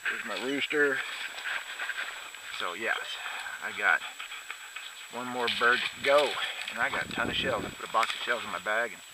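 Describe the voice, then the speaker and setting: A man out hunting with his dogs, shouting short commands to them and talking quietly to his camera. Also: normal speed, pauses often, very noisy. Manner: shouts dog commands, then talks low and quietly to the camera. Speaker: hunter filming his dogs. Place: outdoors in snowy rural fields.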